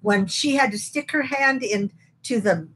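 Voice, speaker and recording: A middle-aged woman chats on a live podcast in a husky, slightly high voice. She tells long, homey anecdotes, often circling back and repeating words as she goes. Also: unhurried, fairly bright tone. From western United States. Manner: chatty storyteller, repeats words while telling anecdotes. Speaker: podcast co-host. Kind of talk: casual chat.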